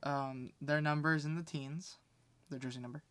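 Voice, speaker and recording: A man's voice: a little high, fairly even intonation, normal speed, a bit bright, smooth. A man co-hosting a casual sports podcast, reading quiz hints with laid-back, joking banter. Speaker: co-host giving quiz hints.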